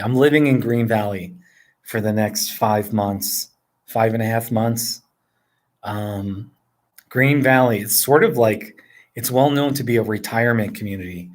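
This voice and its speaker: An easygoing man in his forties, originally from northern New Jersey, answers his viewers' questions in an unhurried, meandering way. His speech has a medium pitch and plenty of chuckles, and he often drifts into tangents before getting back on track. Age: 40s. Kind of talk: casual live chat. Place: indoors at home.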